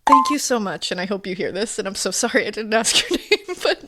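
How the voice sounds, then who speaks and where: A woman's voice: mid-range voice, big pitch swings, brisk, very noisy. Woman, podcast co-host; casual, emotional, rambling storyteller, mid-range voice. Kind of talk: casual chat.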